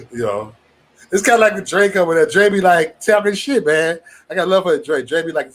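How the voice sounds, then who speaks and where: A man's voice: fairly high pitch, animated, moderate pace, a bit bright. Loose, profane man hosting a livestream. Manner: loose, profane, laughing often, mimics others in raised voice. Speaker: livestream host. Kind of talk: casual livestream chat.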